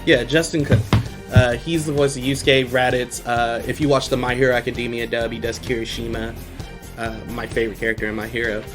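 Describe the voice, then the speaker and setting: A man's voice: medium pitch, flat delivery, a little fast, music in the background. A young man hosting a podcast, casually recapping an anime episode in a rambling, profane way and laughing often. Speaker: podcast host.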